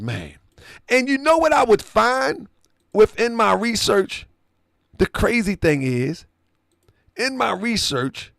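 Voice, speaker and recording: Man, high gravelly voice, animated pitch, casual storytelling, retells conversations, asks if you follow. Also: no room sound. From Baltimore area. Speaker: online show host.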